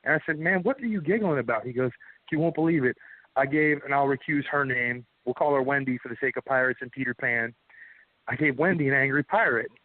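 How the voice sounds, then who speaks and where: A man on a casual podcast telling a long, animated anecdote. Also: mid-range voice, fairly quick, no echo. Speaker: podcast co-host. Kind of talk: casual storytelling chat. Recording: tinny phone-like audio.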